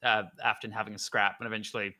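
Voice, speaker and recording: A man's voice: on the low side, fast. Man animatedly describing a video scene. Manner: animated storytelling, acts out characters. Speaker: co-host, animator. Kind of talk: casual chat.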